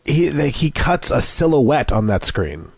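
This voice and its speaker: A man's voice: medium pitch, sing-song, measured pace, vocal fry, a little mellow, husky, dry recording. A man riffs crudely on a bad movie, full of ums and jokes, as he co-hosts a casual review show. His voice sits in a middle range and sounds dry and close. He rambles loosely with no polish. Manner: crude, jokey, rambling with many fillers. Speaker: podcast co-host.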